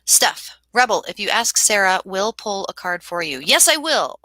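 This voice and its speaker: A woman hosts a casual tarot livestream, chatting animatedly, laughing often, and reading viewers' comments aloud. Her voice is medium-pitched at normal speed, with no echo.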